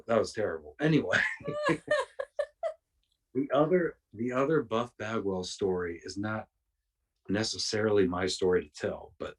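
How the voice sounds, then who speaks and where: A man with a low, husky voice tells a rambling, profane story in casual podcast chat. He sits a little back from the mic and drops into quick impressions of the people he describes. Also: recorded from a distance. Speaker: podcast guest.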